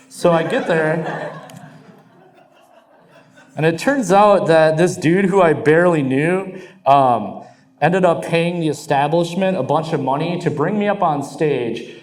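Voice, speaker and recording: A young man doing crude, animated stand-up storytelling on stage. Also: on the high side, moderate pace. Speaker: stand-up comedian. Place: comedy club stage. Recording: roomy club sound. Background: audience laughter.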